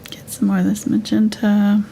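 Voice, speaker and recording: A woman leading a live painting tutorial, talking through each step in a soft, half-whispered, casual way. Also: mid-range voice, monotone, normal speed, creaky, slight background noise. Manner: casual, chatty asides. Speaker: painting instructor.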